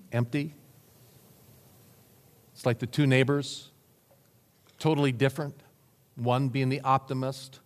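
A man preaches a storytelling sermon at a middle pitch, chuckling now and then and slipping into the voices of the people in his anecdotes. His voice rings with a long reverb, as if he is speaking in a large church sanctuary. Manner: storytelling with chuckles, acting out quoted characters. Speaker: pastor. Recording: reverberant hall.

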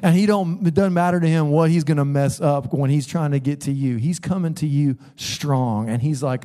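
A man's voice: on the high side, normal speed, mellow. A middle-aged man, preaching a sermon in a church sanctuary and telling a story with laughs and bursts of emphasis. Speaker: pastor.

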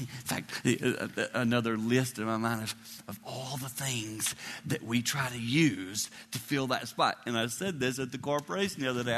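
A man in his sixties preaching a sermon to a congregation, emotional, dropping to hushed whispers and rising to high cries. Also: moderate pace, big-room sound. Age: 60s. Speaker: traveling preacher. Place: large hall with a live congregation.

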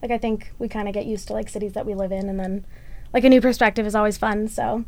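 A woman's voice: medium pitch, steady tone, fast, a little mellow, no echo. A young woman and college student, chatting animatedly through a personal story for a podcast, with lots of "like". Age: young adult. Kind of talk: storytelling interview.

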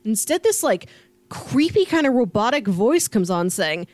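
A woman's voice: on the high side, very animated, normal speed, a little mellow, dry recording. A young woman co-hosting a podcast, chatting enthusiastically with lots of "like" fillers. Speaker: podcast co-host. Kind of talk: casual podcast chat.

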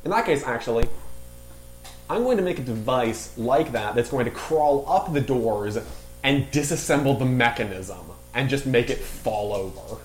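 A man's voice: mid-range voice, expressive, normal speed, reverberant, slight background noise, poor audio. A man playing a tabletop game, thinking aloud as he plans inventive gadgets. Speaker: player. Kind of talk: casual tabletop play.

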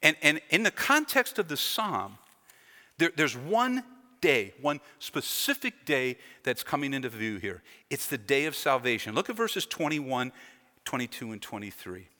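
Emphatic pastor, bright voice, echoing hall. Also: male voice, mid-range voice, very animated, a little slow. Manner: emphatic, rising and falling delivery with repeated phrases. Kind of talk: sermon. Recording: long hall reverb.

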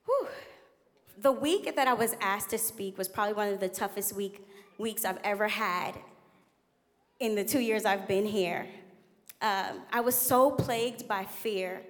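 A young adult woman giving a candid, animated sermon as a guest preacher in a church. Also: medium pitch, measured pace. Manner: animated, laughing, candid storytelling. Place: church sanctuary. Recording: long hall reverb.

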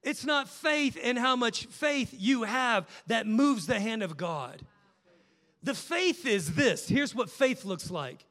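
A man with a notably high voice preaches a passionate sermon, rising to loud urging and dropping to hushed, prayerful tones. His voice rings out with a long reverb, as in a large hall. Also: expressive, takes it slowly. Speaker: pastor.

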